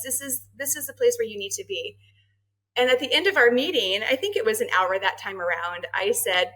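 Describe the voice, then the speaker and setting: Animated, storytelling middle-aged woman. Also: on the high side, fairly quick, low-quality recording. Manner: animated, acts out quoted dialogue, laughs often. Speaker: marketing and HR head, podcast guest. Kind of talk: casual interview storytelling.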